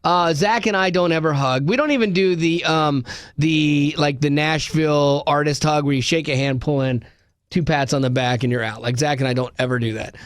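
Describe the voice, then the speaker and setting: A man's voice: on the high side, fairly even intonation, smooth, dry recording. A man hosting a radio show, telling jokey stories in casual studio banter and laughing often. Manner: jokey storyteller, quick to laugh.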